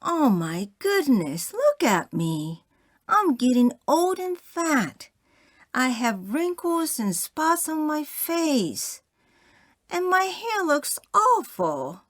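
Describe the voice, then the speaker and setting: A fretful wife fussing at the mirror, acted by a woman reading a joke. Her high, swooping voice stays slow and dry. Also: big pitch swings, exaggerated voice. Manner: fretful, complaining. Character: wife fretting over aging looks.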